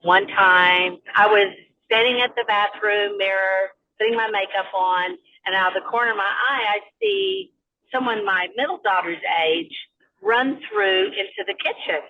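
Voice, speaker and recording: A woman's voice: medium pitch, lively intonation, moderate pace. A woman phones in her haunted-house story and acts out the voices of the people in it. The line sounds dull and muffled. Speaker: caller.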